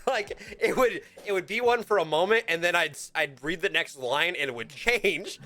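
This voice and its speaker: Man from the US, fairly high voice, bright, animated, laughs a lot, casual podcast. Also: normal speed. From United States. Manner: animated, laughs often mid-sentence. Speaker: podcast co-host.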